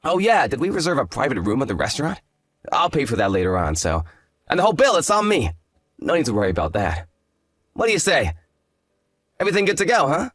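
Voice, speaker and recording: A man's voice: fairly high pitch, huge pitch swings, fast, long pauses, a bit bright, no echo, clean studio sound, heavily acted. An actor playing an arrogant, hungover young fiancé who talks down to his partner in a lazy, condescending drawl. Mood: dismissive. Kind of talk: dramatized story voice acting.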